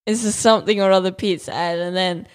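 A woman's voice: fairly low pitch, fairly even intonation, fast, clear, resonant tone. A woman co-hosting a podcast in casual chat, silly and giggly. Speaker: podcast co-host.

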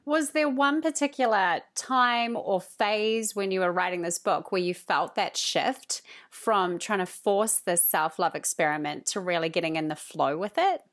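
A woman's voice: medium pitch, measured pace, few pauses. A woman hosting an interview, asking questions in an admiring, effusive way. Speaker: podcast host interviewer.

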